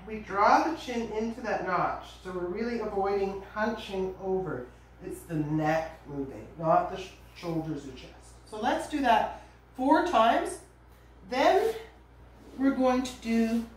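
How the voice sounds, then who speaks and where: A woman teaching a yoga class, giving calm, gentle cues with casual asides. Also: mid-range voice. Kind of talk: guided yoga class instruction. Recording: echoey room, voice from a distance, faint noise.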